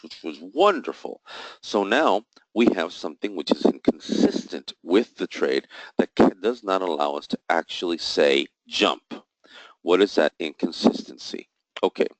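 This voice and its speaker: Deep-voiced man coaching traders. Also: no room sound, poor audio. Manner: explains step by step, asks and answers his own questions; emphatic, jokey asides. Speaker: trading instructor. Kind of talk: live trading session walkthrough.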